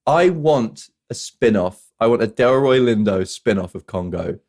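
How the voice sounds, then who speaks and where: A man with a lowish voice talks films in a relaxed, enthusiastic way. He laughs often while he chats with his co-host on a podcast. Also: a little slow. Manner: enthusiastic, laughs often, quotes lines in a put-on voice. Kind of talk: casual film chat.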